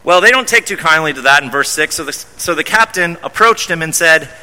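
A man's voice: on the high side, expressive, brisk, hardly any pauses, pushed and bright. A male pastor preaching an expository sermon in a conversational way, often repeating and restarting words. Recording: long reverb in a large hall.

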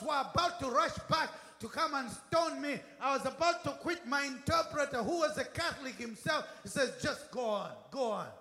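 A man preaching a fervent sermon with a British accent, often shouting and calling for the congregation's response. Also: very high-pitched. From Britain. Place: church. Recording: echoey church hall.

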